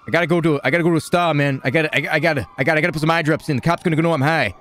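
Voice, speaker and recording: Guy doing a squeaky high hustler dude, stoned gambler, rambles on and on with buy-and-sell catchphrases. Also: fairly even intonation, very fast, a bit bright, natural voice. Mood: scheming. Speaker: role-player. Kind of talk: improvised game role-play.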